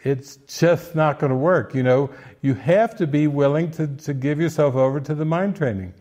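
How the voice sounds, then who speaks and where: A man's voice: on the high side, moderate pace, a little mellow. Earnest man giving casual spiritual commentary. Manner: earnest, playful, acts out quotes in little voices.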